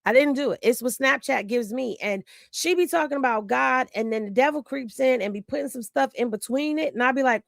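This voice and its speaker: A woman's voice: sits high, fairly quick, vocal fry, few pauses, no echo, studio quality. A tired woman, chatting with viewers about celebrity gossip on a home livestream. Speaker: livestream host. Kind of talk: casual livestream chat.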